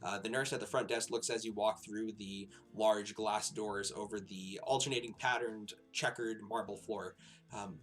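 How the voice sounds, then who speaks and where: A man's voice: lowish voice, steady tone, normal speed, a bit bright, faint music behind. A man running a tabletop horror game as game master, describing scenes and rules with many fillers. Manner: rambling with frequent fillers and laughs.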